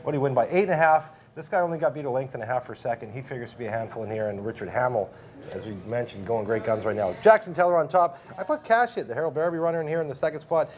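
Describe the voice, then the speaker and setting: A man casually talking through horse racing picks as a handicapper, rattling through each horse's form. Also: mid-range voice. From Canada. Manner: quick, conversational, fast breakdown of form.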